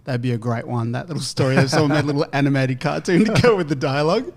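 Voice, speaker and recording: A man's voice: medium pitch, fast. A man from Fiji in a casual podcast chat, thoughtful and hesitant, restarting his phrasing.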